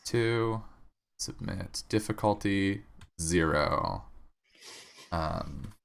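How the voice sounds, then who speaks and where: Player, low soft voice, slight hiss behind. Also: female voice, lively intonation, drawn-out words, gravelly. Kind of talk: playing a tabletop game.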